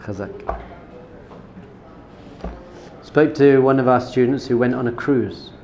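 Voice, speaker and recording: A rabbi giving an informal Torah lesson, talking conversationally, repeating words for emphasis and telling personal stories. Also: male voice, medium pitch, slow, warm tone, slight background noise. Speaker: rabbi teaching a class.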